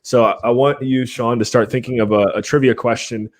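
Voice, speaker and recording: A man's voice: medium pitch, steady tone, a little fast. A man from Ohio hosting a livestream podcast, chatting casually, rambling a little and laughing often as he runs giveaways. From Ohio, USA. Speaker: podcast host.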